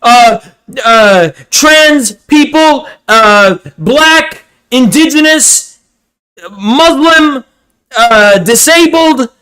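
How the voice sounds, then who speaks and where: A man's voice: extremely high pitch, lively intonation, extremely slow, bright, forceful tone, voice pushed up, heavily acted, low-quality recording. A man voicing a preachy young activist who lectures and stumbles over long lists. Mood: lecturing.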